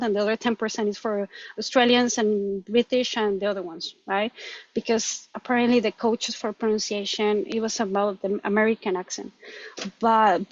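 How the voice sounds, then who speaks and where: Woman, Colombian accent, Spanish native speaker, animated interview chat, slightly high pitch, dull lo-fi sound. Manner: animated, laughs often, restarts words. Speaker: guest. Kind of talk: conversational interview.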